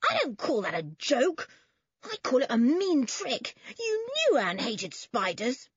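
A woman's voice: on the high side, sing-song, normal speed, husky, no room sound, dull audio, voice pushed up. A woman voicing a proud, hot-tempered tomboy girl who speaks indignantly and sharply.

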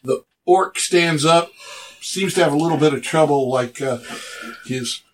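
A man's voice: on the high side, measured pace. Laid-back man narrating as game master. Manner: relaxed, loose narration with fillers. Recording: distant mic, poor recording.

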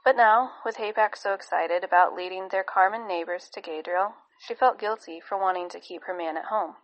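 A woman narrating an audiobook in a calm, even storytelling manner. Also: medium pitch, normal speed, muffled recording.

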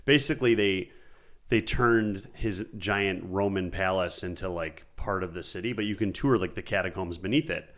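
A man's voice: low voice, moderate pace, fairly bright tone. A man from Buffalo co-hosting a podcast, telling long rambling stories in casual chat with lots of "like" fillers. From Buffalo, New York. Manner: rambling storyteller, many "like" fillers. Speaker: podcast co-host.

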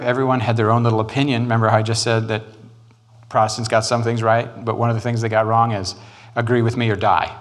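A man teaching church history in a casual, jokey way with animated asides. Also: mid-range voice.

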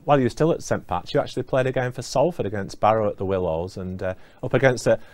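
Brief: male interviewer, fast-talking, fairly low voice, direct questions. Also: a little mellow, no echo.

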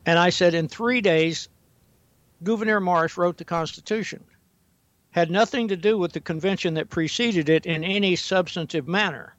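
An older man speaking as a guest historian on a talk radio show, deliberate and halting with frequent fillers, reading quotations slowly and carefully. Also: sits high, fairly bright tone, no echo. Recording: dull, dry lo-fi audio.

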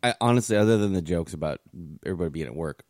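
A man's voice: low voice, expressive, rapid-fire, a little mellow, dry recording, studio quality. A man co-hosting a podcast, talking bluntly and sarcastically in a casual, profane chat. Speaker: podcast co-host.

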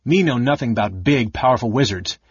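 A man's voice: mid-range voice, expressive, a little fast, slightly rough, no room sound, highs cut off. A man voicing a ragged female gully dwarf who speaks in broken pidgin. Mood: defiant.

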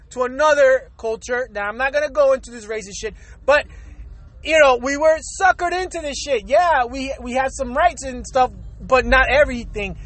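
Man with a puerto rican accent, very high voice, casual vlog monologue, rambling and blunt. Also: fairly bright tone, no echo. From Puerto Rico. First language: Spanish. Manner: rambling, repeats words, blunt and profane. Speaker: vlogger.

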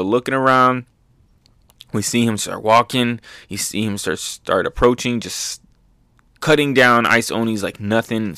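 A man's voice: on the low side, pushed and bright, no room sound, studio quality. A man hosting a manga review, chatting loosely with lots of fillers and swearing as he recaps chapters. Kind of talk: casual recap commentary.

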